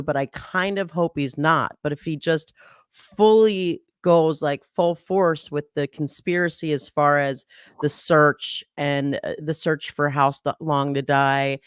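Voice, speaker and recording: Podcast guest, smooth clear voice, halting restarts, disbelieving laughs, dry sound. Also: medium pitch, a bit bright, dry recording. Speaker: guest legal commentator. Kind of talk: casual analysis on a podcast.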